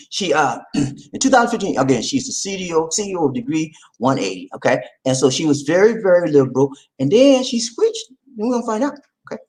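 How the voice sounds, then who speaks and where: A man giving casual video commentary, animated and repetitive, laughing often and speaking straight to his viewers. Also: sits high.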